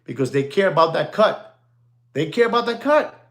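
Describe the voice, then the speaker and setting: A man in his sixties, a watch dealer, ranting to viewers of his channel in a rambling, repetitive way, often calling out to "ladies and gentlemen" and dropping in Spanish slang. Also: fairly high pitch, moderate pace. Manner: animated, rambling, repeats himself, addresses audience as ladies and gentlemen. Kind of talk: livestream rant to viewers.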